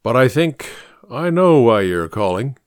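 A man reading an audiobook, voicing a tired older bishop who speaks in a slow, measured way. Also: medium pitch, sing-song, smooth, no room sound, studio quality. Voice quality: tired, intoning. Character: weary, smooth-talking older male bishop.

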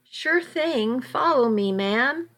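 A woman voicing a gentle, soft-spoken male rancher with a Texan drawl, in a read-aloud story. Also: high voice, expressive, slow pace, voice pushed up, exaggerated voice. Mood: soft courteous.

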